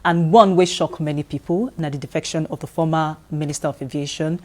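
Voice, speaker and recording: A woman with a Nigerian accent, an interviewer asking questions in a measured way with some hesitation. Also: sits low, fairly even intonation.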